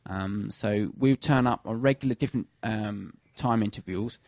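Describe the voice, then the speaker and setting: Hesitant man, low voice. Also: moderate pace, darkish tone, no echo, muffled recording. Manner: hesitant, many fillers and restarts. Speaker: bird of prey pest controller. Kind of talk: casual radio chat.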